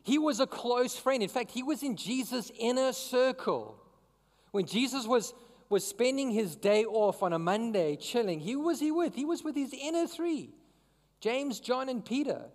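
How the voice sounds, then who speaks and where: A man's voice: extremely high pitch, expressive, a little slow, darkish tone, in a large hall. A man preaching a sermon as pastor, talking conversationally and throwing questions to the congregation. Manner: conversational, asks the crowd questions.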